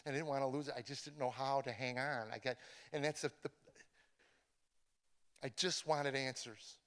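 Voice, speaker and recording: A man's voice: mid-range voice, fairly even intonation, normal speed, fairly bright tone. A middle-aged man, a comedian, giving a personal testimony to a live audience, often stumbling and repeating words as he goes. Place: large room with an audience. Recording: long hall reverb.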